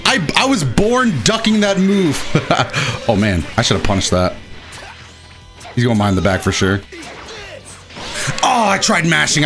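Young man, fighting game commentary, excitable, laughs at own mistakes, lively swooping voice. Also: fairly high pitch. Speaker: gaming commentator. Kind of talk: live gameplay commentary.

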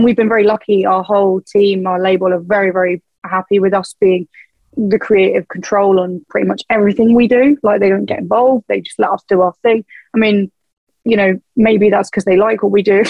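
A woman's voice: mid-range voice, dry recording, muffled recording. A young woman, a band's vocalist, chatting frankly as a podcast guest, laughing often and swearing casually. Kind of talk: casual chat.

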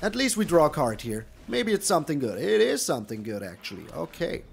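A man's voice: fairly high pitch, sing-song, brisk, vocal fry. A man hosting a gaming channel, giving live gameplay commentary with theatrical groans and pleas at his opponent.

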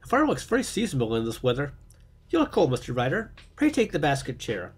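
A man voicing a calm, clever male detective who speaks blandly and knowingly, in a storybook reading. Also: on the high side, quick pace, husky, full character voice.

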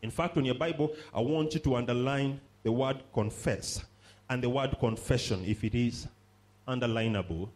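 A man's voice: medium pitch, moderate pace, darkish tone. A man preaching a sermon, stressing points by repeating phrases and calling on the congregation to respond.

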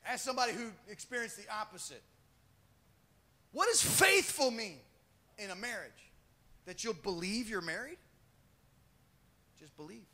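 An animated man preaching a sermon in a high voice. His voice is bright, with wide swings in pitch. He acts out the Bible scenes and jokes with his congregation. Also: normal speed, pauses often. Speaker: pastor.

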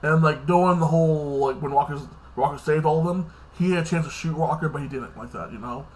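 A man talks through a TV episode recap in a loose, rambling vlog style. His voice sits a little higher than most men's. He keeps tacking "like this" onto his lines and swears freely. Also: brisk, a little mellow. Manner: rambling, fills with "like this" and "like that"; swears casually. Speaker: TV episode reviewer.

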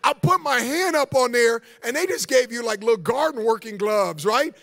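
A male preacher with a very high, gravelly voice delivers a sermon as the guest pastor. He tells his stories with animation and keeps calling on the congregation to answer back. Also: normal speed. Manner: animated storytelling preacher, calls for audience response.

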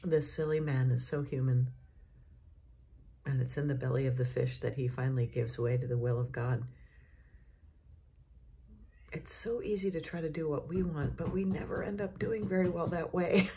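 A woman's voice: low voice, brisk, warm tone. A middle-aged woman, a cathedral dean, giving a morning devotion in a chatty storytelling manner and closing with a prayer. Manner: chatty storytelling, often chuckling.

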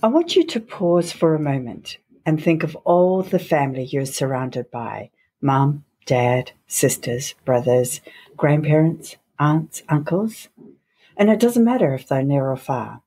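A woman hosting a podcast interview, speaking slowly, gently and earnestly. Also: low-pitched, expressive, breathy edge. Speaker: podcast host.

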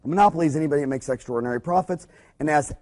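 A man's voice: fairly high pitch, rapid-fire, a little mellow. A man in his forties, a dentist, giving a blunt, profane business talk full of stories and emphatic punchlines. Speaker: dentist and speaker.

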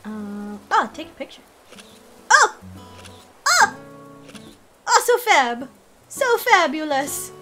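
A woman streaming a video game, chatting casually, giggly and excitable, squealing when something delights her. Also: high voice, takes it slowly, pauses often, faint music behind. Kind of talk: casual gameplay commentary.

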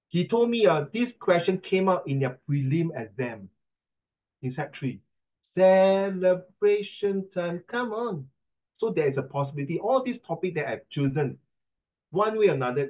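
Give me a joking Singaporean male tutor teaching online, over a tinny phone line. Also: fairly high pitch. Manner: playful, joking, rhyming wordplay. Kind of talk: online class lecture.

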